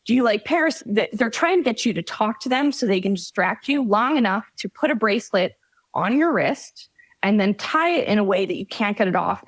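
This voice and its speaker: A woman's voice: medium pitch, no echo. A woman guest on a podcast interview, giving direct, practical advice with emphasis. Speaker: guest, travel guide author. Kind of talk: casual conversational interview.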